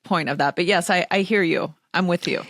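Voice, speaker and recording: Woman interviewer, very low and gravelly, dry close mic, casual and quick. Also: a bit bright, no room sound. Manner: quick, casual, conversational questions. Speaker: podcast host. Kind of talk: interview conversation.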